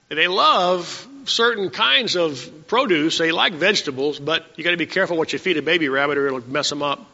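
A male pastor preaching a sermon, reading scripture slowly and then telling homespun stories to his congregation. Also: fairly high pitch, vocal fry, pushed and bright. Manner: reads verses slowly, then tells folksy stories. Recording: dull lo-fi church recording with long reverb.

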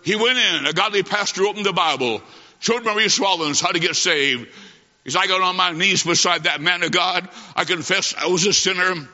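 A man preaching a sermon, telling a story dramatically with slow delivery and long pauses. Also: high-pitched, pushed and bright. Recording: hall reverb, dull lo-fi sound.

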